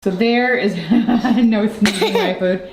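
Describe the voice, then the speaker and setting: A woman's voice: medium pitch, very animated, slow pace. A woman narrating a family vlog, cheerful and affectionate, talking to her kids and to the camera. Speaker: vlogging mom. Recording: noisy home video.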